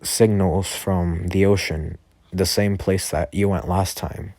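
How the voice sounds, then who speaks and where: A calm male chief of a school and defense force speaks in a deep, dry, unhurried voice, as a man puts him on. He sounds low-key and hesitant, full of fillers, over a voice chat. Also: gravelly, dry recording, full character voice. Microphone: Discord voice chat.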